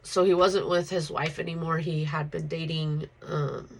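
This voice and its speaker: A woman's voice: sits low, fairly even intonation, normal speed, gravelly, poor audio. A woman telling a personal story in a casual, rambling way, full of fillers and blunt swearing.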